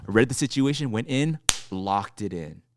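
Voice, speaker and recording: A man's voice: fairly low pitch, moderate pace, background noise. A young man co-hosting a podcast, telling an awkward story in casual chat and acting out the dialogue. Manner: animated storyteller, acts out dialogue. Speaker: podcast co-host.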